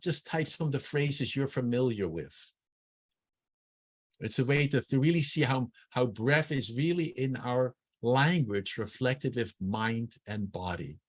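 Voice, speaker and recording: Male facilitator, mid-pitched, chatty workshop leader on a video call, lists things and restarts often. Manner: conversational, with frequent restarts and lists. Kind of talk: online workshop instruction.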